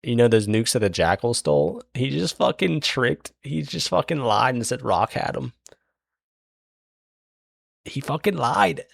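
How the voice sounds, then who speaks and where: A man's voice: mid-range voice, expressive, measured pace, vocal fry, long pauses, no echo, studio quality. A young man retelling a book's plot in a rambling, profane, casual way, full of fillers. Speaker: book recap host.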